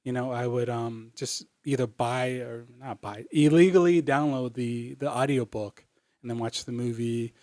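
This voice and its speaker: A man's voice: medium pitch, fairly even intonation, moderate pace, darkish tone, no echo, clean studio sound. A young adult man from Virginia, a comedian guest on a podcast, talking in a rambling, casual way, full of filler words and frequent laughter. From Virginia, USA.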